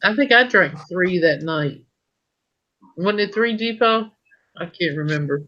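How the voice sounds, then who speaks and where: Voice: medium pitch, animated, measured pace, pushed and bright. A host chatting casually and playfully, reading out viewer comments. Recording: dull lo-fi sound.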